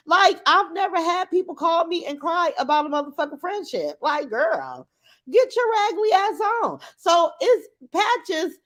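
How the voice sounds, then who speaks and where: A woman's voice: very high-pitched, expressive, moderate pace, fairly bright tone. A middle-aged woman livestreaming, talking in a blunt, profane, mocking way with emphatic repetition. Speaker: live streamer. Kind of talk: unscripted livestream rant.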